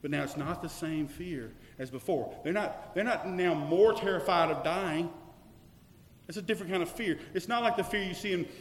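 A man preaching a sermon, swinging from loud declarations to hushed, searching questions. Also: sits high, normal speed. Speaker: pastor. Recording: echoey hall with long reverb.

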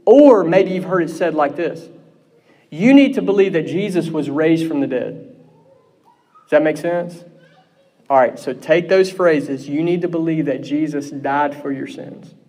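A man's voice: a little high, a little mellow. A man preaching a sermon, earnest and insistent, often checking that his listeners follow.

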